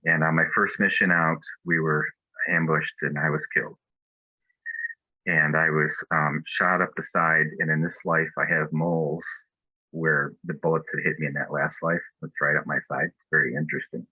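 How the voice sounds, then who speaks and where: A man's voice: extremely low pitch, little pitch movement, normal speed, dry recording, phone-quality sound. A man giving a personal testimony at a spiritual fellowship, telling his story in an earnest, reflective way.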